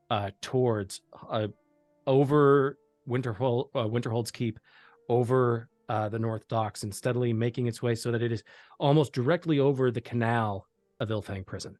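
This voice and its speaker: A man narrates a tabletop role-playing game as its game master. He talks in a steady middle pitch, stopping and restarting with fillers as he builds each scene. The sound is dry and close, with faint music underneath. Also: no echo. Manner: halting, filler-heavy narration.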